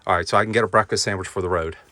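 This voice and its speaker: A man's voice: low-pitched, steady tone, very fast, bright, forceful tone. A middle-aged man chatting casually as an RV travel vlogger, easygoing and joking with his wife. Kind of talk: casual vlog chat. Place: inside and around an RV at a campground.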